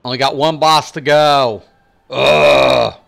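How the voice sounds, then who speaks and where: Slow, bright-voiced man gaming and ranting. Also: mid-range voice, steady tone, creaky. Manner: profane, rambling, complaining. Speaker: gaming streamer. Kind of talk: casual gameplay commentary.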